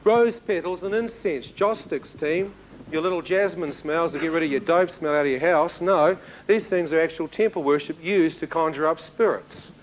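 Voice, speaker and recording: A man with a New Zealand accent preaches his own testimony in a lively, storytelling way, slipping into the voices of the people he met. His voice sits slightly on the high side. A faint hiss runs under the recording. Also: normal speed, rough recording. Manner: animated storyteller who acts out dialogue, with laughs. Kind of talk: testimony sermon to a congregation.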